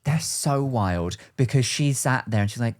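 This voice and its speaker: A woman's voice: very deep voice, lively intonation, normal speed, darkish tone. A woman hosting a podcast, chatting casually and drifting off on tangents. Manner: chatty, tangent-prone, playful impressions. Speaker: podcast host.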